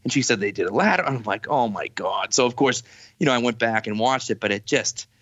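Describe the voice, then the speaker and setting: A man's voice: mid-range voice, fast, husky, no echo. Exasperated man on a dull lo-fi line. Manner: animated, exasperated storytelling. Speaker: podcast guest, football writer. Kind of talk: casual podcast chat. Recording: dull dry lo-fi sound.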